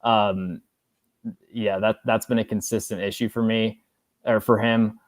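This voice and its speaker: A man on a podcast as a guest analyst, breaking down football plays in a casual, halting way full of fillers and restarts. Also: fairly low pitch, level tone, no room sound.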